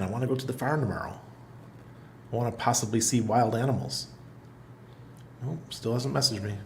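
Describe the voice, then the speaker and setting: This middle-aged livestream host, broadcasting casually from an apartment in Panama, reads viewer comments aloud, chatting loosely and laughing frequently. His mid-range voice carries vocal fry, over slight background noise.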